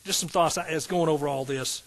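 A man's voice: fairly high pitch, moderate pace, low-quality recording. A middle-aged man, a pastor preaching a sermon in an emphatic call-and-response style with rising outbursts.

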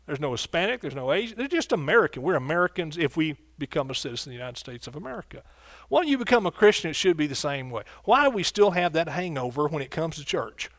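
Pastor, male, fairly high voice, dry close sound, call-and-response sermon delivery. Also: big pitch swings, quick pace, a bit bright, no echo. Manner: preacherly call-and-response, asks congregation questions.

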